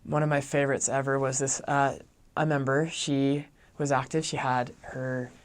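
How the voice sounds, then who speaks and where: This young adult man, back from his mission, has a medium pitch and a moderate pace. His storytelling is loose and lively, and "like" crops up constantly.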